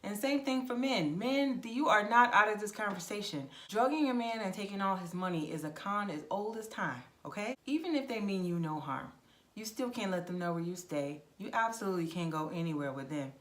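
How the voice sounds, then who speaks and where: A woman's voice: mid-range voice, fairly quick. Frank woman travel vlogger. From United States. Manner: frank, direct, animated with acted-out anecdotes. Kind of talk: casual advice monologue.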